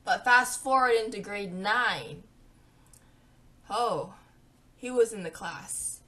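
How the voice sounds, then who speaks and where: Bright chatty young woman vlogger. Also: medium pitch, slow pace. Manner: chatty, animated, acts out friends' lines. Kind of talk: storytime vlog.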